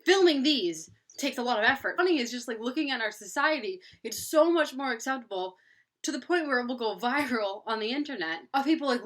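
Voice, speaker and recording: Animated, rambling young woman vlogger. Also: on the high side. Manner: animated, rambling, acts out gasps and quotes. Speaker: book vlogger. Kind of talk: casual vlog monologue.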